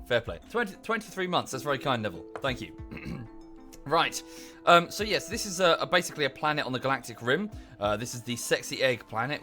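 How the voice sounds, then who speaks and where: A man's voice: medium pitch, sharp tone. A man streaming from home in a casual, rambling chat, a bit out of breath. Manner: chatty, rambling with many fillers. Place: home room.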